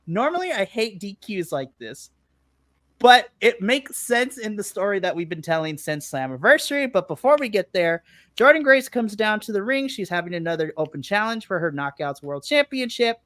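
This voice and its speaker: A podcast co-host on a remote live stream, talking through a casual recap. The voice sits at a middling pitch and is recorded dry and close. They chat easily, laugh often and act out their own reactions. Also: big pitch swings, normal speed, a bit bright, no echo.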